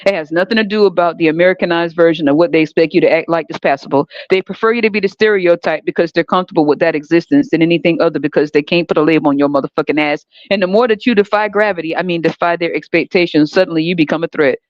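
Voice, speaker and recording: A woman's voice: fairly low pitch, fast, hardly any pauses, no room sound. A woman hosting a podcast, giving a heated, sarcastic, profane monologue in a blunt manner. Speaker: podcast host. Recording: dull lo-fi dry recording.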